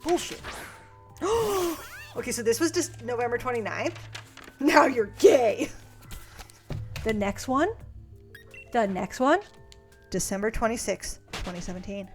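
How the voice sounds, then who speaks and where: Young female streamer, high-ish voice, sarcastic and profane; quiet music underneath. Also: animated, moderate pace, pauses often. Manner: sarcastic, swears freely, mocks her past self. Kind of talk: casual chat reading old diary letters aloud. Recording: faint music behind.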